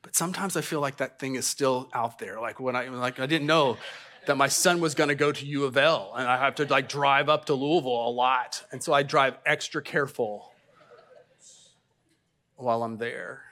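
A man's voice: medium pitch, moderate pace, bright, forceful tone. A middle-aged man preaching a sermon as pastor, conversational with self-deprecating asides and stammered restarts. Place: church sanctuary.

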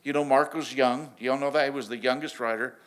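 Animated man preaching casually. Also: medium pitch, fast talker. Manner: casual, animated storytelling with frequent restarts. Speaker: pastor. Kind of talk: sermon.

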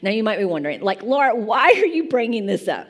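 Kentucky-accented woman pastor, bright voice. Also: fairly high pitch, big pitch swings, fast. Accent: Eastern Kentucky. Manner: chatty, self-deprecating, laughs often. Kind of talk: sermon.

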